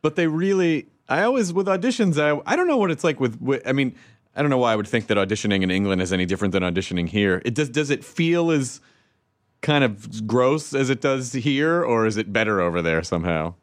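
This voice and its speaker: A man's voice: medium pitch, lively intonation, brisk. An American man co-hosting a casual talk show, joking and asking the guest questions. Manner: playful, jokey, questioning. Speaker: podcast co-host. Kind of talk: casual chat.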